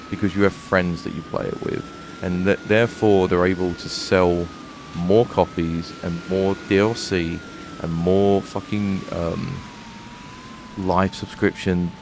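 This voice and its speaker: Deep-voiced London man ranting while gaming. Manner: frustrated, swearing rant. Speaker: game streamer. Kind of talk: live gameplay commentary. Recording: noisy home stream recording.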